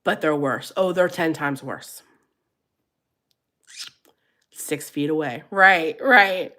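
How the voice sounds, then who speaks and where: Speaking a little slowly, this middle-aged woman runs a casual livestream, full of animation and frequent laughter. Her voice turns high and squealy whenever she quotes herself.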